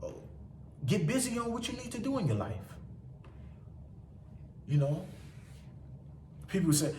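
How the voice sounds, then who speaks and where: A man's voice: on the high side, wildly swooping pitch, normal speed, pauses often, distant mic, slight background noise. A man giving blunt, profane motivational advice in a casual monologue, acting out the people he quotes. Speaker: motivational vlogger. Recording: roomy sound from away from the mic.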